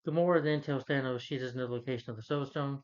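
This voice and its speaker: A man retells a film's story in loose, casual talk, stumbling over names and correcting himself. His voice sits at an ordinary middle pitch. The recording sounds muffled and lo-fi. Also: fairly even intonation, fast. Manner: rambling, many fillers and self-corrections. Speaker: film reviewer. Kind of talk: casual movie plot recap.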